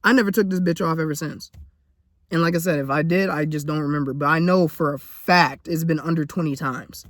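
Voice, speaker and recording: A man's voice: fairly high pitch, fairly even intonation, fairly quick, fairly bright tone, no room sound, clean studio sound. A young man venting in a casual, profane, blunt monologue to camera, ranting about money and frustration. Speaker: vlogger.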